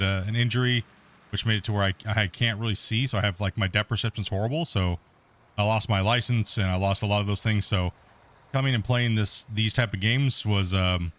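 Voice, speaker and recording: Hosting a multiplayer game stream, a middle-aged man offers easygoing, rambling commentary with frequent restarts. His voice is fairly low and a bit bright.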